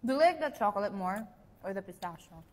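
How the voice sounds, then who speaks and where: A woman's voice: medium pitch, animated, fast, darkish tone. A young woman, chatting playfully and giggling while tasting food with a friend. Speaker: group member tasting food. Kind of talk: casual chat. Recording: faint noise, long reverb.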